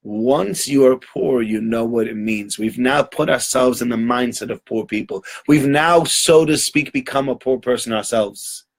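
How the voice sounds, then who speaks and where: A man's voice: medium pitch, unhurried, few pauses. A man teaching through a story in an easygoing, conversational way. He talks in loose, chatty sentences with frequent fillers and restarts. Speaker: Torah teacher. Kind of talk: storytelling holiday talk.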